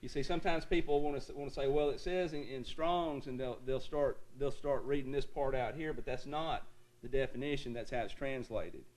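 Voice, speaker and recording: A man preaching a sermon to a church congregation. He reads scripture forcefully, asks the room for an amen, then settles into a calmer teaching tone. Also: medium pitch, a little fast. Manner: emphatic preaching that turns to a quieter, explanatory lecture tone.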